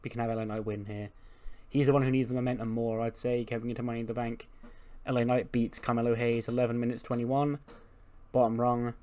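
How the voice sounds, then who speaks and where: A man's voice: medium pitch, flat delivery, fast, mellow. Chatty man recapping a wrestling sim. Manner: chatty, laughing, recaps results. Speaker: game playthrough host. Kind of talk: casual commentary on a wrestling sim.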